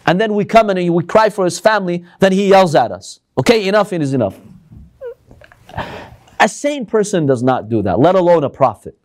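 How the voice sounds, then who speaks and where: A man's voice: sits high, lively intonation, brisk. A man giving a religious lecture to a live audience, arguing with lots of rhetorical questions.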